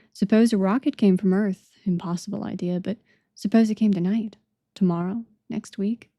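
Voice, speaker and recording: A woman reading an audiobook as narrator, measured and dramatic. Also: mid-range voice, mellow, no echo, lo-fi sound.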